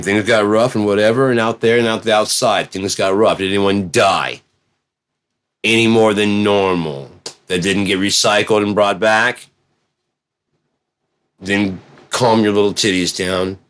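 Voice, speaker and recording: A man in a profane, rambling monologue that swings between low mutters and excited yelling.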